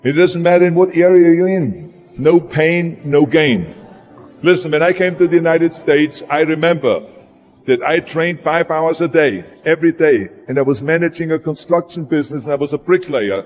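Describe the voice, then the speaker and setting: This motivational speaker, a man with a German accent, has a slightly high, somewhat mellow voice and a moderate pace. He is emphatic, repeating words for punch, and the recording carries long hall reverb with background music.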